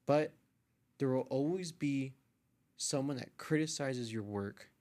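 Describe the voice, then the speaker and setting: A young man, a podcast guest, casually telling a story with lively quoted voices and frequent swearing. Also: mid-range voice, unhurried. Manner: animated retelling, acts out quoted voices, swears freely. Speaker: podcast guest, artist and photographer.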